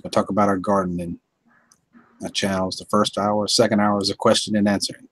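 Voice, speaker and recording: A man's voice: on the low side, level tone, brisk, no room sound. A man hosting a casual home livestream, chuckling often and greeting chat viewers by name. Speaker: livestream host.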